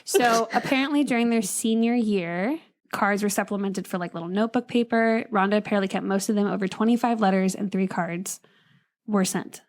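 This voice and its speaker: An American woman hosts a laid-back true-crime podcast, reading old letters aloud in an even, middling voice. She breaks off now and then for a blunt, dry aside or a quick laugh before picking the letter back up. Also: mid-range voice. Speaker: podcast host.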